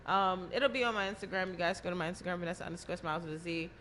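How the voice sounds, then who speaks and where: A woman's voice: on the low side, very fast, fairly bright tone, slight background noise. A woman hosting a casual talk show, upbeat and affirming as she plugs events and social media. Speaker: host. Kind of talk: casual chat.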